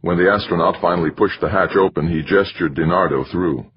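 A man narrating an audiobook in a steady, measured reading. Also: low voice, slightly rough. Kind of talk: scripted narration. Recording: dry, slightly muffled recording.

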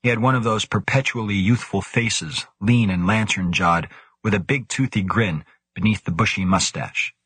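Deep, husky male audiobook narrator. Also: normal speed, fairly bright tone, no echo.

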